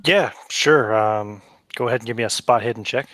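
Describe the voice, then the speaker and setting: A man's voice: medium pitch, moderate pace, fairly bright tone, no echo. Male game master, easygoing rule explainer, dry mic. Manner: casual, explaining rules with fillers. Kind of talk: running a tabletop horror game.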